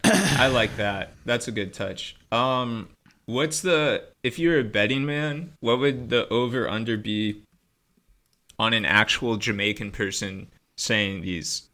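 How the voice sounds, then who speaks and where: Wry bright-toned man. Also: mid-range voice, slow pace. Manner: wry, deadpan, hesitant. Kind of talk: casual chat.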